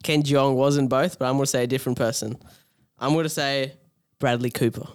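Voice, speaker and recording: A man's voice: medium pitch, fairly even intonation, brisk, clean tone, no room sound, studio quality. A man on a casual podcast, chatting and laughing as he plays a movie quiz. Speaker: podcast co-host, game player. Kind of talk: casual banter.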